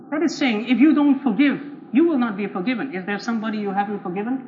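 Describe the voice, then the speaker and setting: A man's voice: sits high, lively intonation, quick pace, hardly any pauses. A man preaching a sermon in a blunt, rhetorical way, acting out imagined listeners. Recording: dull lo-fi recording, faint noise.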